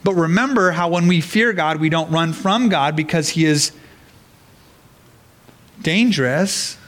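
A man's voice: a little high, measured pace, fairly bright tone. A man preaching an earnest sermon as pastor, often restarting words as he explains a scripture passage.

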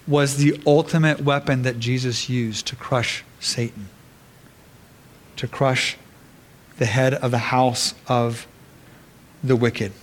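A man preaching an earnest sermon as pastor, often restarting words as he explains a scripture passage. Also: medium pitch.

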